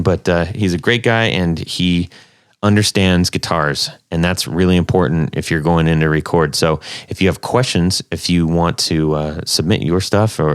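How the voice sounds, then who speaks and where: A man with a low voice hosting a casual podcast chat, jokey and loose with fillers. The sound is dry and close, with no room around it. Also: clean tone, no room sound. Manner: jokey, rambling, lots of fillers. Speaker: podcast host.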